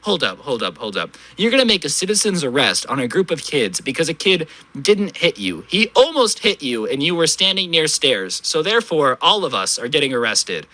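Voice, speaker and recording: Animated young man telling a story. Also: a little high, moderate pace, few pauses, no echo. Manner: animated, sarcastic. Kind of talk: casual storytelling.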